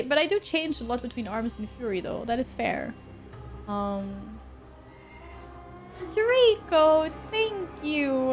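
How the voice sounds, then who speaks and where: High-voiced chatty woman streamer. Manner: chatty, reacts to chat and thanks tippers; expressive, often laughing. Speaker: livestreamer. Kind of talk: casual live-stream chat with viewers. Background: in-game music.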